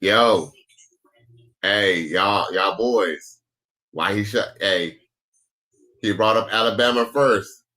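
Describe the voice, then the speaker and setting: A man's voice: fairly low pitch, slow, pauses often, pushed and bright. A man hosting a reaction video, talking in a laid-back, slangy way. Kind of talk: casual reaction commentary.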